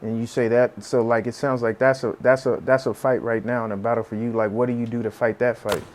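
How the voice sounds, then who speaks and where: A man's voice: medium pitch, level tone, fairly quick, darkish tone, a little hiss or hum. A man hosting a podcast interview, who speaks in an encouraging, coach-like way. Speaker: podcast host and life coach. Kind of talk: conversational interview.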